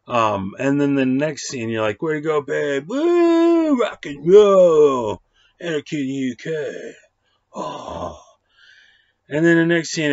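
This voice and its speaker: A man giving a casual, rambling, excitable film review, with lots of fillers and the odd swear word. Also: lowish voice, no echo. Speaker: movie reviewer. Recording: dull lo-fi dry sound.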